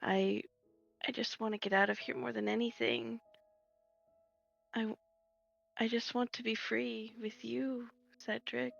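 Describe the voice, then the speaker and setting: Woman voicing a hushed devoted prisoner. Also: medium pitch, level tone, slow pace, creaky, pauses often, soft background music, heavily acted. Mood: tender. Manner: hushed, tender. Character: soft-spoken female prisoner, devoted. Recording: dull lo-fi audio.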